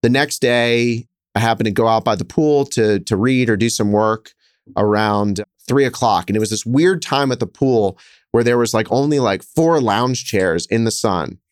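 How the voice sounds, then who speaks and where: A man in his thirties, a hotel investor, telling stories in a lively, conversational way, speeding up and getting louder as he acts out scenes. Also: mid-range voice, clean tone, no echo, studio quality. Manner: animated, quick storyteller who gets louder acting out scenes. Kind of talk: conversational interview storytelling.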